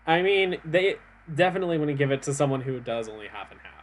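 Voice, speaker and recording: A young man on a game stream, reading the text out loud and chatting with a friend. He is animated and often laughs, and his rather high voice moves about in lively swings of pitch. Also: fast talker, a little hiss or hum. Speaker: streamer playing a dating game. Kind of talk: casual chat, reading game text aloud.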